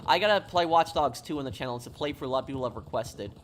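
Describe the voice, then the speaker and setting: A man's voice: medium pitch, racing, a bit bright. Guy from new york streaming, rambly casual chat answering viewers, faint game noise and hooves behind. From New York, USA. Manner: rambling, apologetic, talks over gameplay. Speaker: live streamer.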